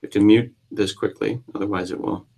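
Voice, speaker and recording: A man's voice: fairly low pitch, fairly even intonation, brisk, gravelly, dark tone. A man hosting a casual live-stream chat, joking and rambling in a self-deprecating way. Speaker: host.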